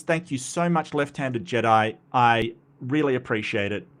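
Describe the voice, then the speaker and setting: Australian male streamer, casual host, rambling and chatty, mid-pitched. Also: unhurried, a bit bright, clear, resonant tone. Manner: chatty and rambling, with frequent restarts and asides. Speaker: livestream host. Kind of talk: casual livestream commentary.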